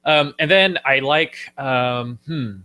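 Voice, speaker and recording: A man hosting a casual podcast chat, playful and animated, slipping into quick silly voices from films. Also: mid-range voice, a little hiss or hum. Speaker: podcast host.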